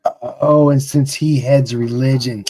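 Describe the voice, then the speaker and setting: A man's voice: medium pitch, fairly even intonation, measured pace, mellow. A man co-hosting a casual live-stream movie commentary, laid-back and swearing freely. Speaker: co-host.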